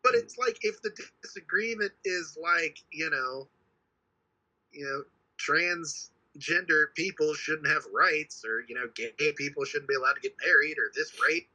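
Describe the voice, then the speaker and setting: A man with a very bright, edgy voice and a husky grain, talking fast and heatedly as a podcast co-host. He swears freely and circles back over his points, his pitch sitting a little high. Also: poor audio. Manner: heated, swears often, repeats himself. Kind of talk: casual chat.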